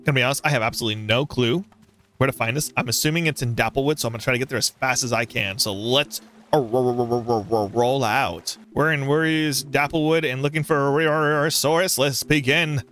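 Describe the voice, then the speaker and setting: A man's voice: medium pitch, steady tone, fast, fairly bright tone. A man hosting a let's play, joking sarcastically and reading game dialogue aloud in mocking voices. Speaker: gaming channel host.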